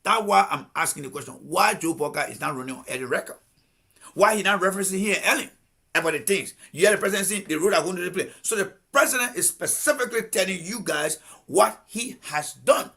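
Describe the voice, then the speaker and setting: A man's voice: high-pitched, quick pace, creaky, bright, forceful tone, breathy edge. A Liberian man hosting a live political commentary stream, combative and repeating pointed rhetorical questions. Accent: Liberian English.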